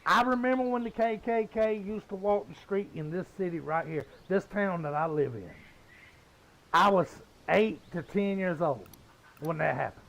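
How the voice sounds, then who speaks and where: Southern guy in his 50s, raspy gravelly voice pitched kinda high, cussing up a storm mid-game. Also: moderate pace, a bit bright, low-quality recording. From Southern United States. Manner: heated, swearing, blunt. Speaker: gamer. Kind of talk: profane casual rant while gaming.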